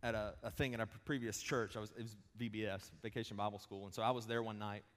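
A pastor in his thirties giving a conversational sermon, mixing quick humor with slow emphatic pauses. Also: fairly low pitch, little pitch movement, a bit bright. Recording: long hall reverb.

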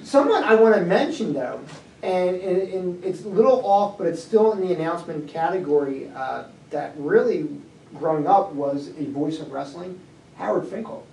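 A man's voice: sits high, expressive, normal speed, vocal fry, a little mellow. A man chatting casually, rambling and trailing off while he searches for names. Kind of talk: casual chat. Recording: echoey room, far from mic, faint noise.

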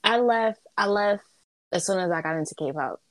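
A woman's voice: mid-range voice, normal speed, no room sound. A young woman co-hosting a casual chat, talking with playful enthusiasm and exaggeration. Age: young adult. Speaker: podcast co-host. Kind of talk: casual chat among friends.

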